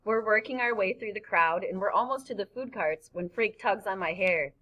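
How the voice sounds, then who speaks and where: A woman narrating a novel in first person, in a lively storytelling manner. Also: medium pitch, moderate pace, rough recording. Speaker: audiobook narrator. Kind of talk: scripted narration.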